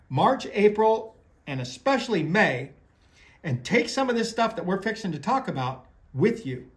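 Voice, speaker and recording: A man talks casually about fishing tackle and tactics. He rambles in a folksy way, trailing off and restarting mid-sentence as he tells stories from his guiding days. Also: sits high. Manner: rambling storyteller, many restarts, folksy phrasing. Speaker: fishing guide and tackle presenter. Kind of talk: casual talk on crappie fishing.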